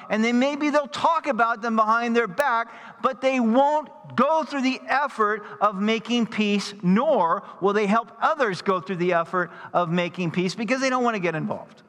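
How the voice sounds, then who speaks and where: A man's voice: sits high, fairly bright tone, long reverb tail. A man preaching a sermon earnestly, restarting his sentences and repeating words as he goes. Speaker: pastor.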